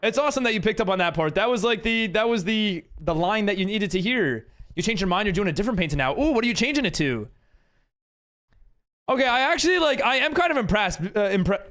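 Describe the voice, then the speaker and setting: A man's voice: sits high, a bit bright. A man streaming a game live, chatting casually with viewers and reading chat aloud in a rambling way full of fillers.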